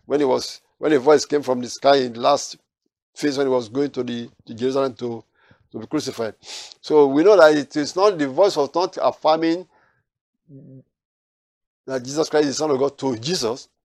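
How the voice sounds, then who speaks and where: A man's voice: medium pitch, normal speed, pauses often, a little mellow, dry recording, studio quality. A man teaching a Bible study, reading verses aloud and then explaining them, with frequent restarts.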